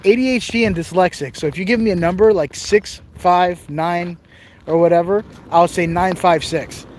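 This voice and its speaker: Tired guy rambling on a phone livestream outside, kinda high voice, faint noise behind. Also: moderate pace, darkish tone. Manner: rambling, jokey, reads viewer comments aloud. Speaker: livestream host exploring outdoors. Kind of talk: casual live-stream chat. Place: outdoors on rough open ground. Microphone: phone camera held while walking.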